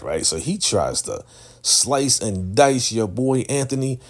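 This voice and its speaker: A man's voice: fairly low pitch, very animated, measured pace, vocal fry, breathy edge. A man hosting a casual TV episode recap, retelling scenes in a loose, chatty way and acting out the characters' lines. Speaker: TV recap host.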